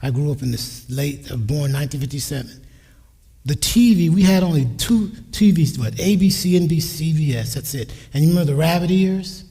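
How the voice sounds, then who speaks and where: A man in his sixties speaks briskly in a church sanctuary about being a parent, his somewhat high voice warm with a breathy edge. He relates family anecdotes and acts out their lines himself, with the hall reverberating around him.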